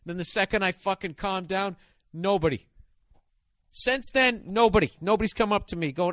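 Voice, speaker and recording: Male podcast host, cussing comic storyteller, forceful delivery, dry close sound. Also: high voice, moderate pace, no echo. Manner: profane, ranting, exasperated. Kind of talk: comedic storytelling monologue.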